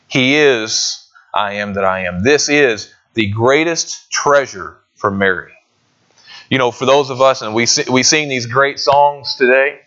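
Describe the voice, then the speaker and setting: A man's voice: mid-range voice, fairly bright tone, highs cut off. A man preaching a sermon in a conversational way, often asking his listeners questions. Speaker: pastor.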